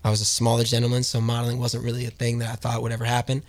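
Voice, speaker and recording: Fast-talking animated young man. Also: mid-range voice. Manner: fast, animated storyteller who acts out quoted voices. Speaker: guest. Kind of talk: casual storytelling in a podcast chat.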